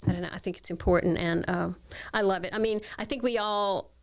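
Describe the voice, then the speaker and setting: A woman's voice: medium pitch, steady tone, a little fast. Woman with a Cajun accent, hesitant. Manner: hesitant, with many fillers and restarts. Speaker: tour company owner, guest. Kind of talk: casual interview chat.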